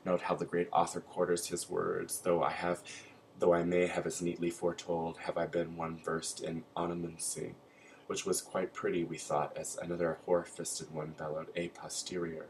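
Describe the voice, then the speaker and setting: A man reading a literary text aloud in a steady, deliberate way. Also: low voice, vocal fry, slight background noise, low-quality recording. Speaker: reader.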